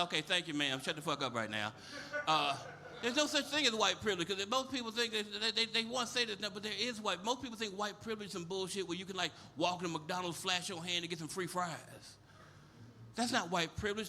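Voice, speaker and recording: A man's voice: high-pitched, pushed and bright. A man doing a stand-up comedy set on a club stage, brash, profane and full of stories. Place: comedy club stage before a live audience.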